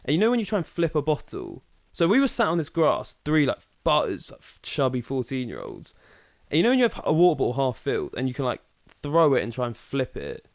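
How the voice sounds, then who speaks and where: Animated young man telling stories. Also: medium pitch, fairly quick, dry recording. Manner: animated storyteller, acts out voices, swears freely. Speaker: podcast co-host. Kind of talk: casual chat.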